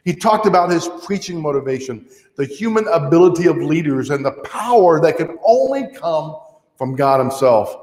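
A man delivers a teaching sermon in a church sanctuary, his voice sitting a little higher than most men's. He talks plainly and conversationally, with dry asides, more teacher than fire-and-brimstone preacher. The sound carries a long, echoey hall reverb. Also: animated, normal speed, darkish tone.

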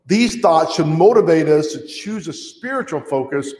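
A man delivers a teaching sermon in a church sanctuary, his voice sitting a little higher than most men's. He talks plainly and conversationally, with dry asides, more teacher than fire-and-brimstone preacher. The sound carries a long, echoey hall reverb. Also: lively intonation, normal speed, few pauses, darkish tone.

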